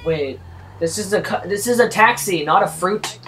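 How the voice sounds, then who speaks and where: A man commentating over his gameplay as a taxi driver, swearing constantly and swinging between furious yelling and low muttering. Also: normal speed. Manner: profane, swings from rage-filled yelling to muttering. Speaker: gamer playing a taxi driver. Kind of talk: let's-play commentary.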